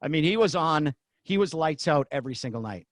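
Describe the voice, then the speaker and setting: A middle-aged man, a former arena announcer, tells his stories with real excitement. His voice sits a bit high and comes across close and dry, with no room around it. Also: a little fast, no room sound. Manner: excitable, acts out shouted quotes. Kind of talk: animated storytelling in a podcast interview.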